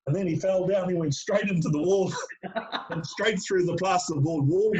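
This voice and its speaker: With a high-pitched, darkish voice at a measured pace, a middle-aged former player talks as an interview guest. He spins stories in casual chat, leaning on fillers and calling the host mate; the recording sounds lo-fi and dull.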